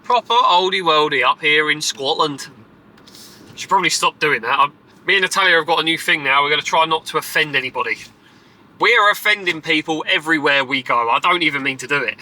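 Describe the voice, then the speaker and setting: A man chatting casually and excitedly to camera as a travel vlogger, driving and walking about. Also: on the high side, fast, poor audio. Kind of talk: casual travel vlog chat. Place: in a car and outdoors.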